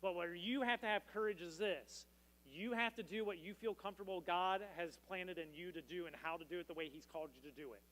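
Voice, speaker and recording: A man's voice: sits high, a little fast, fairly bright tone. A man preaching a sermon as pastor, with a casual, joking storytelling manner. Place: church. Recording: long reverb in a church hall.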